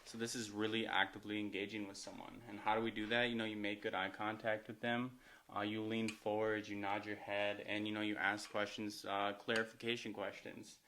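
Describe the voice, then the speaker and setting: A young man co-presenting course material, explaining points in a relaxed way with lots of fillers. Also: lowish voice, brisk, a little hiss or hum. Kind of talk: casual discussion of course material.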